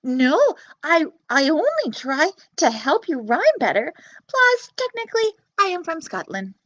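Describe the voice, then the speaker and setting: A woman's voice: high voice, big pitch swings, measured pace, fairly bright tone, no echo, highs cut off, pitched above the performer's own voice, heavily acted. A woman voicing a cheeky, whiny young boy who talks back to the narrator.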